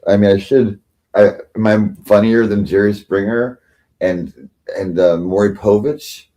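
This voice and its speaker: A man with a very low voice rambles through a casual livestream chat, tired and swearing freely. He halts, repeats himself and restarts often as he talks. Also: fairly even intonation, warm tone. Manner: rambling, halting, many restarts and profanity. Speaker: livestream host.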